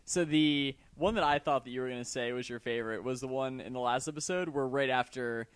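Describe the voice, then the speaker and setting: A man's voice: medium pitch, brisk, clean tone, no echo. A man co-hosting a casual podcast chat, talking loosely with lots of fillers and frequent laughter. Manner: chatty, laughs often, many fillers. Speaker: podcast co-host.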